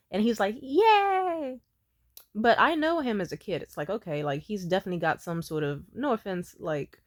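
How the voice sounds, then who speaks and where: A woman in her twenties telling a story in a blunt, profane, animated way, as a vlogger. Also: lowish voice, no room sound, studio quality. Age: 20s. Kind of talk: casual storytime monologue.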